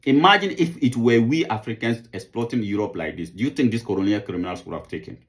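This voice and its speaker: A man from Sierra Leone delivers political commentary in a lowish voice. He stumbles and repeats words as he searches for them. Then he rises into indignant outbursts. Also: lively intonation, fast talker.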